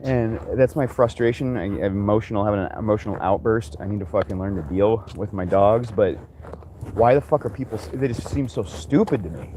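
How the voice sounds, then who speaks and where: A man with a somewhat low voice vents in a meandering, profanity-laden rant as he walks his dogs outdoors. He keeps breaking off and restarting his thoughts. Clear outdoor noise sits behind him on the phone recording. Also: fairly quick, dark tone. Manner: frustrated, swearing, rambling with many restarts. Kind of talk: ranting monologue while walking dogs. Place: outdoors on a walk. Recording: noisy outdoor ambience.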